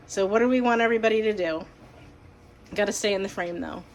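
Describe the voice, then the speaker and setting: Chatty mom hosting a home cooking video. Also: female voice, mid-range voice, a little hiss or hum. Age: young adult to middle-aged mom. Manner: chatty, upbeat, laughs often. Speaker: cooking channel host. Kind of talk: casual cooking demonstration. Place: home kitchen.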